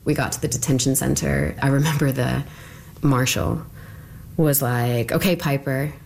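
A woman in her thirties recounting a personal ordeal in an interview, halting and full of "like". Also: rumbling low, fairly even intonation, vocal fry, darkish tone, slight background noise. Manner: halting, lots of "like", quoting others in small voices.

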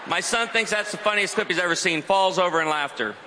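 A man in his forties preaches with jokes and energetic emphasis. His voice is high and very bright. It echoes through a large hall, with faint ambient noise behind it. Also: fast talker. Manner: animated, emphatic, joking. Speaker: guest speaker. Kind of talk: humorous sermon to a live audience.

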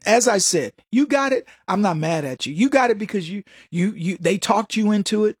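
A man's voice: high voice, expressive, normal speed, hardly any pauses, breathy edge, no room sound, clean studio sound. A man hosting a solo political commentary show, talking in a mocking, jokey way. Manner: mocking, jokey, acts out voices with laughs.

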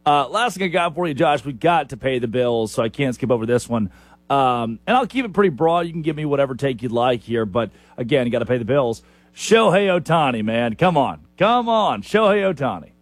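Male sports radio host, mid pitch, relaxed and joking, dry close-mic studio sound. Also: fast talker, no echo. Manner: casual, joking, laughs often. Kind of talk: sports talk radio hosting.

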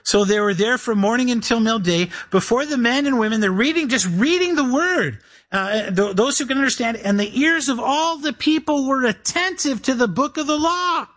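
A man's voice: extremely high pitch, animated, normal speed, a bit bright. A man preaching as a pastor, reading scripture aloud and acting out imagined listeners. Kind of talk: sermon.

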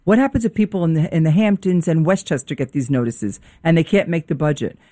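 A woman giving forceful, alarmed commentary on real estate in a talk show discussion. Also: sits low, no room sound, clean studio sound. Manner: forceful, alarmed, rapid-fire points.

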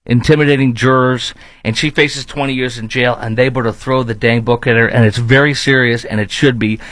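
A man's voice: medium pitch, fairly even intonation, a little fast, a bit bright, no echo, low-quality recording. Man, Chicago accent, ranting commentary, scornful, dry close mic. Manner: blunt, scornful, rambling with fillers. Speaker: commentary host.

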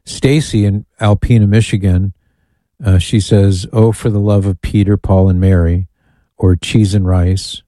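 A man's voice: lowish voice, fairly even intonation, normal speed, warm tone, no room sound. A man hosting a call-in radio show, playfully reading out lists with amused asides. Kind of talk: casual talk radio.

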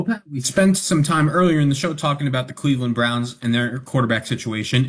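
A man's voice: mid-range voice, fairly bright tone, husky. A man working as a radio producer, steadily laying out a sports topic for the host. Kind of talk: reading a segment prompt.

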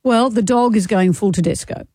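A woman's voice: mid-range voice, moderate pace, darkish tone, no room sound. Chatty Australian woman radio host. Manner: chatty storyteller, laughs easily. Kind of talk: casual radio banter. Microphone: studio microphone.

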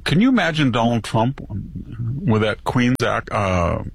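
A man's voice: mid-range voice, big pitch swings, unhurried, gravelly, slightly rough. A man giving scornful political commentary as a guest, wandering off on digressions and mocking the people he quotes.

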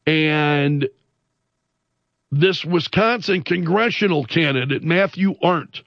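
A man hosting a casual news commentary, retelling stories in an animated, incredulous way with many fillers and restarts. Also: a little high, slow, dry recording, dull audio. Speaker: commentary show host.

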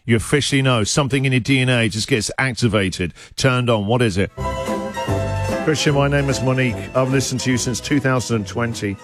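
A man's voice: medium pitch, a little fast, soft background music. A middle-aged man hosting a breakfast radio show, chatting and joking as he reads out listener messages. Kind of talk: casual radio chat.

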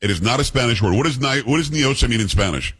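A man hosting a talk radio show, telling stories and arguing in an animated, opinionated way. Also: medium pitch, quick pace, husky. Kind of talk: casual talk radio banter.

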